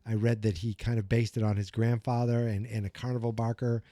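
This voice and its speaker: A man's voice: medium pitch, level tone, fairly quick, dark tone, dry recording. A man with a Boston accent hosting a podcast, chatting casually about a film in a rambling way, often stopping to correct himself. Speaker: podcast host. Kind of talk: casual movie review chat.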